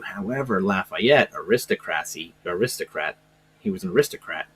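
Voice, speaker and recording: A man's voice: on the low side, lively intonation, moderate pace, slight background noise. A man teaching social studies in a casual, rambling way, full of fillers and restarts. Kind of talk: informal classroom lecture.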